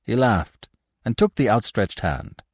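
A man narrating a classic novel for a podcast in a measured storytelling manner. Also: low voice, sing-song, a little mellow, no echo, clean studio sound. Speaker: podcast reader.

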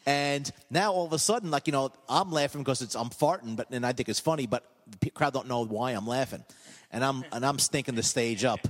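A man, a hypnotist guest on a comedy podcast, telling stories in a casual, animated way and laughing at his own jokes. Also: mid-range voice, brisk, in a large hall.

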